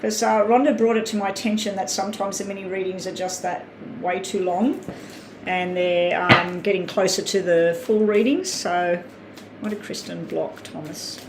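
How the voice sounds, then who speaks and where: An Australian woman gives tarot readings on a live stream, chatting casually, reading out viewer names and talking while she eats. Her mid-range voice is fairly even in intonation at a normal speed, recorded in an echoey room with faint ambient noise.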